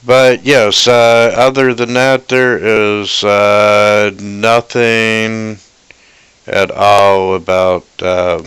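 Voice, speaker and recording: A man running a tabletop game as game master, speaking very slowly with pauses and fillers. His voice is bright and forceful, with a smooth, crisp resonance. The sound is dry and close, with no room around it. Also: lowish voice, level tone, no echo. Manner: unhurried, hesitant with many fillers.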